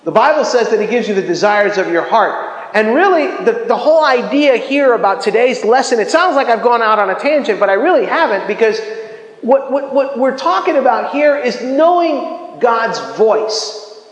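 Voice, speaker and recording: High-pitched middle-aged pastor guy, chatty and jokey, preaching, long hall reverb. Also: normal speed. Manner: animated, chatty, jokes and laughs often. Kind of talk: sermon.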